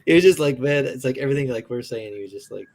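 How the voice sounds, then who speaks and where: A man's voice: mid-range voice, expressive, fast talker, a little mellow. A man casually telling a rambling story to friends, laughing and trailing off with fillers.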